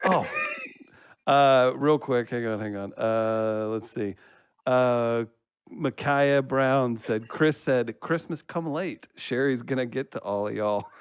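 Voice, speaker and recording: A man with a smooth, resonant voice reads listener comments on a comedy podcast. He teases the hosts and laughs easily between lines. The sound is close and dry, with no room around it. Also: medium pitch, fairly even intonation, slow pace, no room sound. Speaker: producer reading listener comments. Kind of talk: casual podcast chat.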